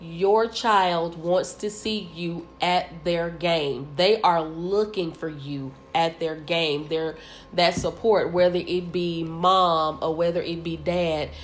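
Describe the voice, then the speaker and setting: A woman's voice: on the low side, steady tone, slow, slight background noise. A woman in her forties talking as a co-host, earnest and emphatic, repeating words and using many fillers. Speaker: co-host, cheer coach and mother. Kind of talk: casual podcast discussion.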